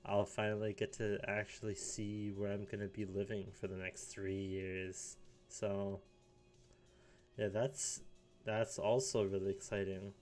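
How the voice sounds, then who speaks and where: A man's voice: lowish voice, level tone, a little slow, a little mellow, faint music behind. A young man in his late teens rambling casually in a solo vlog, full of fillers and little chuckles. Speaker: vlogger.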